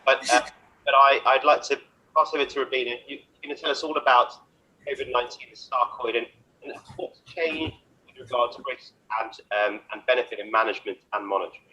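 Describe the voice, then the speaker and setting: A man's voice: mid-range voice, a little fast, bright, forceful tone. A man, a consultant, chairing an online event and introducing speakers with thanks over a video call. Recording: muffled lo-fi video call audio.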